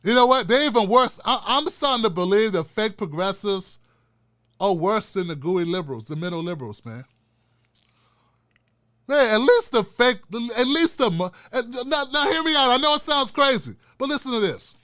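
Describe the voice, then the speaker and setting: A man's voice: high voice, sing-song, moderate pace, pushed and bright. An older man hosting a profane, fiery political rant with a preacher-like cadence. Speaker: political commentator host. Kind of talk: ranting political commentary.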